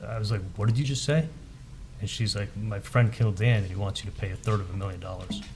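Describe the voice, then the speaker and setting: A man on the witness stand in a courtroom, retelling a conversation in halting speech that repeats words. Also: lowish voice, fairly even intonation, faint music behind, low-quality recording. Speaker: trial witness. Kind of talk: courtroom testimony.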